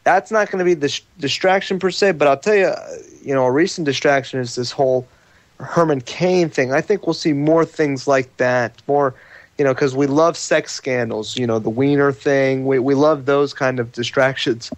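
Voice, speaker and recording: Man, radio guest, halting delivery, lots of uh, dry close sound. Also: medium pitch, no room sound. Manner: halting, fills pauses with uh. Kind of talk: live talk radio discussion.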